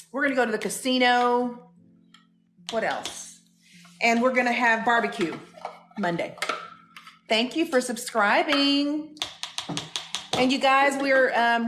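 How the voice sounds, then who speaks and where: A woman's voice: a little high, steady tone, a little slow, long pauses, reverberant, music in the background. A woman co-hosting a casual live stream from a home kitchen, chatting and reading out viewers' comments. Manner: chatty, laughing, greets viewers.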